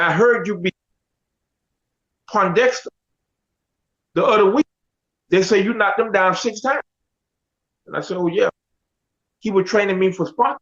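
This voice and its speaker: A middle-aged man tells his life story in a high, lively voice and acts out the lines of the people in it. The recording sounds dull and lo-fi. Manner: animated, quotes others in dialogue. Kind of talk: casual storytelling. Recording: dull lo-fi audio.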